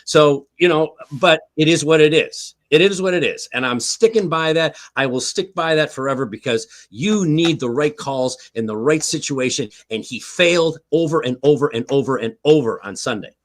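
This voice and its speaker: Joining a streamed talk show over an online call, an older man who used to be on a team's staff delivers heated, emphatic football commentary. His voice is a little high and lively, at a moderate pace with few pauses, and he keeps repeating points and ending lines with "okay?".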